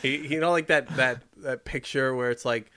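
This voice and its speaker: A man's voice: medium pitch, steady tone, moderate pace, sharp tone, clear, resonant tone, no echo, studio quality. A man co-hosting a casual comedy podcast, trading crude jokes and playful banter. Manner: joking banter, crude asides. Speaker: podcast co-host.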